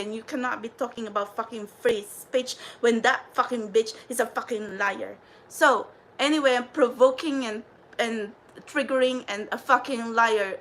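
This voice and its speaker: A woman's voice: a little high, a bit bright, a little hiss or hum, poor audio. A woman hosting a spiritual livestream, ranting in a profane, defiant and rambling way.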